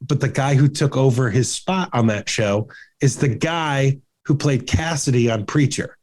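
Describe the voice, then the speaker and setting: A man's voice: mid-range voice, measured pace, a little mellow. A man co-hosting a casual movie podcast, talking in long rambling runs full of restarts and fillers. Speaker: podcast co-host. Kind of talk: casual chat.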